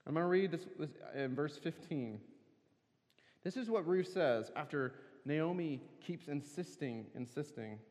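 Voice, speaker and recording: A man's voice: on the high side, lively intonation, measured pace, darkish tone. A man preaching at a campus worship service, telling a scripture story earnestly and pressing hard on key words. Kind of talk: sermon. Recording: long hall reverb.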